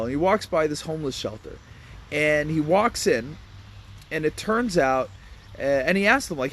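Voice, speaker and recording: A man's voice: medium pitch, fairly bright tone. A man casually telling a property investment story to his audience, acting out the voices of the people in it with a laugh, and greeting passers-by as he goes. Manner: acts out dialogue in quick asides, laughs between points; greets passers-by mid-talk.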